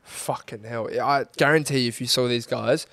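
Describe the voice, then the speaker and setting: A man co-hosting a podcast in lively, swearing banter. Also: medium pitch, brisk, creaky, dry recording. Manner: animated, swearing, agreeing banter. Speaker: podcast co-host. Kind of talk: casual chat.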